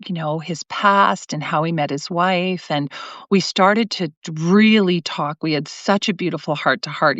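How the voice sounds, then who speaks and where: A woman's voice: on the low side, a bit bright, no echo. Middle-aged woman host, earnest storyteller who restarts often; dull livestream mic sound. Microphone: computer mic on a live video stream. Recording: dry, slightly muffled stream audio.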